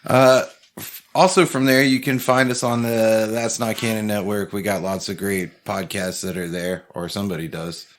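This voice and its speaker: A man's voice: fairly low pitch, fairly even intonation, moderate pace. A man co-hosting a podcast, reading show plugs in a loose, joking, profane way. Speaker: podcast co-host. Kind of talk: casual chat and show plugs.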